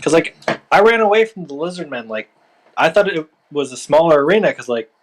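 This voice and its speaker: Player, mid pitch, animated delivery, rambling and questioning. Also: brisk. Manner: questioning, rambling with many fillers. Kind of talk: playing a tabletop game.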